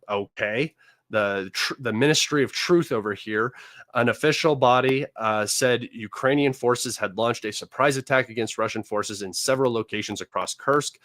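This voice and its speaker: A man's voice: medium pitch, a bit bright, no echo. A man hosting a live political commentary stream, reading news articles aloud and mocking them with scorn.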